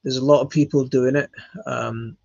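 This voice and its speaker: Host: man, gravelly, husky, casual live Q&A, hesitant delivery, dull dry recording. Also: medium pitch, steady tone, darkish tone, no echo. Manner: halting, reading out comments with many fillers. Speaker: channel host answering viewer questions.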